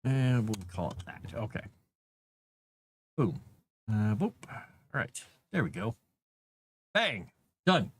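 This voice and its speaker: A man's voice: medium pitch, big pitch swings, takes it slowly, pauses often, a little hiss or hum. A man chatting casually on a livestream as he writes, thinking aloud with many fillers and restarts. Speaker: author livestreaming his writing. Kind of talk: casual livestream chat while writing.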